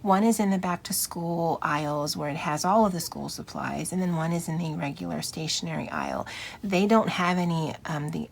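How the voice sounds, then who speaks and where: Casual woman vlogger, lowish voice, faint room noise, chatty with fillers. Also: vocal fry. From Hawaii. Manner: chatty, frequent fillers and soft laughs. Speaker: planner vlogger. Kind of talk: casual show-and-tell. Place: home desk.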